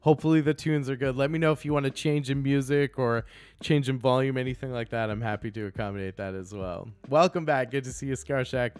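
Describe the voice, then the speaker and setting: A man's voice: medium pitch, quick pace, a little mellow, clear, resonant tone, no room sound. Casting: male game-master streamer, casual, thinks aloud, mid-range voice. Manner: thinking aloud, explaining his process. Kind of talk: casual live-stream chat.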